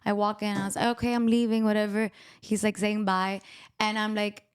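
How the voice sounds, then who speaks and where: A woman's voice: medium pitch, little pitch movement, a little fast, clean tone. A woman hosting a podcast who tells candid personal stories in a casual, self-mocking way, acting out both sides of the dialogue. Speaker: podcast host. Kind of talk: casual storytelling chat.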